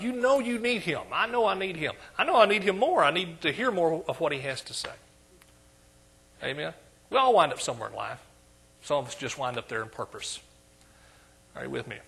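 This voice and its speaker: A man with an East Texas accent preaching a sermon in a church, calling for amens and swinging between quiet asides and loud emphasis. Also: on the high side, creaky, slightly rough.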